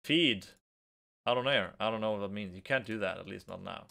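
With a fairly low, gravelly voice that sounds pushed and bright, a young let's play host from Norway talks a little fast over slight hiss or hum. In his Norwegian accent he reads the game's text aloud, comments casually, and giggles nervously.

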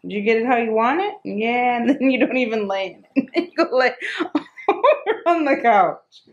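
A woman's voice: on the high side, lively intonation, moderate pace, dull audio. A woman hosting a casual home vlog from her living room, chatting and laughing often. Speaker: vlog host.

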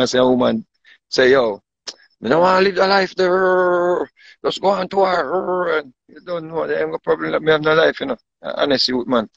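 A man's voice: on the high side, gravelly, a bit bright, dry recording. A man with a Jamaican accent ranting casually, boastful and repetitive, often asking if you understand him. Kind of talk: casual rant to camera. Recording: dull dry lo-fi sound.

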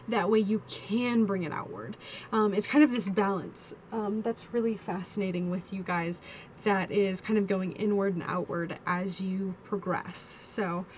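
A woman's voice: medium pitch, a little mellow, a little hiss or hum. A woman giving a casual tarot reading, chatty and giggly, calling her listeners honey. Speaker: tarot reader.

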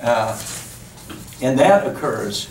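A man's voice: mid-range voice, big pitch swings, slow, a little mellow, far from the mic. Man, lecturer, digressive, emphatic asides, roomy lecture hall, faint background hiss. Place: lecture room before an audience.

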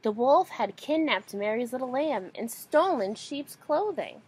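Animated woman reading a children's story. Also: on the high side, measured pace, slightly rough, low-quality recording. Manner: animated and expressive. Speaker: storybook reader.

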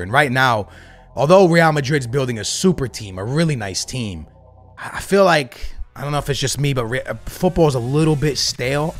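A man's voice: fairly high pitch, fairly bright tone. A man casually commentating his own football video game match, chatting straight to his viewers as lads and bro. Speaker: gaming YouTuber.

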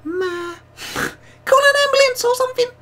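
A man voicing a shrill, gushing female character in a very high, squeaky falsetto, breathless and near tears. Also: animated, normal speed, pushed and bright, full character voice. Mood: overwhelmed.

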